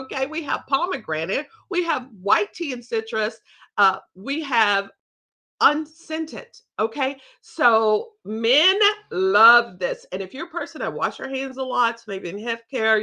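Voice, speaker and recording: A woman giving a lively, folksy, salesy training talk to her team on a livestream. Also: fairly high pitch.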